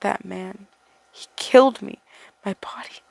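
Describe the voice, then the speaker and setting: A woman voicing a possessive, protective immortal man who mutters low, threatening lines in a fan story read aloud. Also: unhurried, creaky, no echo. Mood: bitter.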